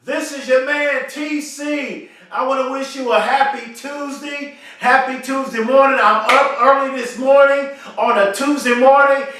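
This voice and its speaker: A man's voice: extremely high pitch, steady tone, measured pace, hardly any pauses, sharp tone, heavy reverb, far from the mic. A man giving a motivational speech to camera, emphatic and repetitive, with a preacher-like rhythm. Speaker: motivational speaker.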